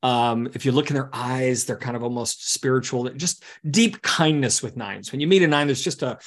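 A man who works as an executive coach, teaching a workshop in an animated way with vivid analogies and asides. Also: mid-range voice, moderate pace.

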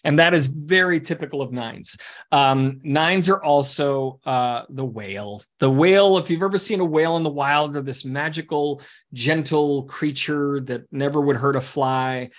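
A man who works as an executive coach, teaching a workshop in an animated way with vivid analogies and asides. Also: a little high, moderate pace.

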